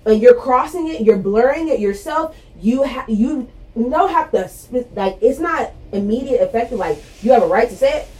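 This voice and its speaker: A woman arguing her point in a casual group debate, halting and restarting often. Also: fairly high pitch, expressive, warm tone, poor audio. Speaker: discussion participant.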